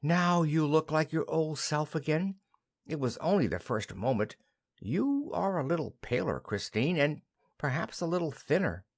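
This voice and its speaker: A man's voice: fairly high pitch, very animated, moderate pace. A man voicing a cheerful, chattering young wife in an audiobook play reading.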